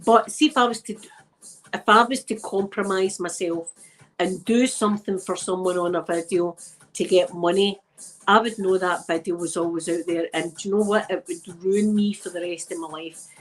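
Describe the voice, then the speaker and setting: A woman's voice: on the low side, fairly even intonation, normal speed, low-quality recording. A Scottish woman who is a bit drunk, hosting a channel and chatting casually with viewers in a frank, rambling way. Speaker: ASMR channel host. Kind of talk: casual live chat with viewers.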